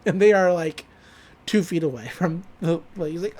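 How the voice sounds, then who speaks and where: Casual podcast co-host, chatty and loose, recapping plot with fillers and quick laughs. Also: mid-range voice, animated, a little mellow. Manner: rambling, quotes characters with "he's like"; frequent fillers, laughs while recounting. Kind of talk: casual chat.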